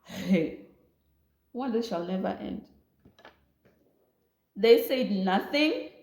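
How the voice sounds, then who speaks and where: In a casual vlog, a young woman from Namibia recounts a story very slowly in a mid-range voice. She's animated, performing people's quoted lines, and the room adds noticeable echo.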